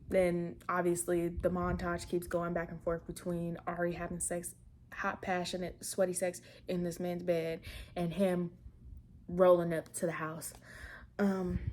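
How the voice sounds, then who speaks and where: A woman casually recapping a film plot, animated and slangy, often laughing as she tells it. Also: fairly low pitch, slight background noise. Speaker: film review vlogger.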